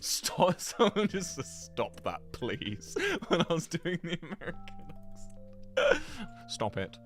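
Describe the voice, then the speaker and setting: Chatty streamer, lively voice. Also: male voice, a little high, slow pace, faint music behind. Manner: chatty and rambling, talks to chat, laughs often. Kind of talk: casual livestream commentary while playing a geography game.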